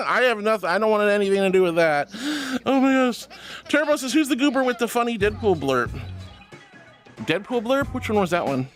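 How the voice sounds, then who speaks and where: Affectionate high-voiced male streamer. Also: lively intonation, moderate pace, a bit bright, faint music behind. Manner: affectionate, calls viewers sweetie and honey. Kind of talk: live stream chat reading.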